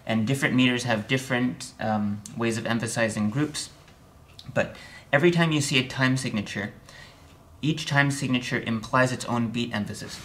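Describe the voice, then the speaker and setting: A man teaching a music theory lesson, chatty and a little wry, often checking in with the viewer and counting beats out loud with hard accents on the downbeat. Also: medium pitch, normal speed. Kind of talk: recorded video lesson.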